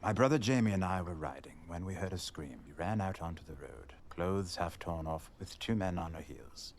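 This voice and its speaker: An actor playing a witty, self-mocking dwarf lord, speaking with a dry, wry delivery, in a drama clip. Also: male voice, low voice, animated, normal speed, slight background noise. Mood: somber.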